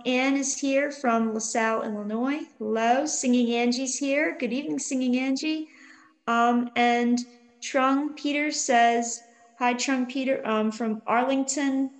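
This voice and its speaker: A woman's voice: on the high side, rough recording. A middle-aged woman co-hosting a live online Bible study, reading scripture and viewer comments aloud with frequent ums. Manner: warm greetings, reads viewer comments aloud with many ums.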